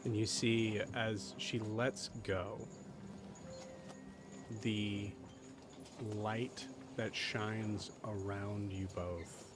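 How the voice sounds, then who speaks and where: A man's voice: lowish voice, little pitch movement, very slow, long pauses, music in the background. A man narrating as game master, hesitant and full of fillers.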